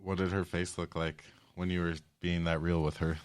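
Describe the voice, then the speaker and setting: Deep-voiced male podcast host. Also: little pitch movement, normal speed, smooth, no echo, clean studio sound. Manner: probing, affirming, uses filler "like". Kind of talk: interview conversation.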